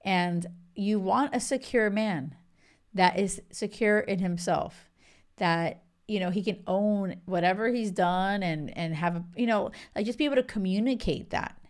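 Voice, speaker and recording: A woman talking casually to her viewers in an animated, gossipy way. She leans on filler words and jumps quickly from thought to thought. Her voice sits at an ordinary middle pitch. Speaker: host. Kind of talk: casual chat.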